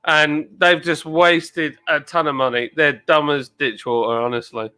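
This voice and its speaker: Wry man with a bright, higher voice. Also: fairly even intonation, a little slow, clean tone. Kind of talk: casual chat.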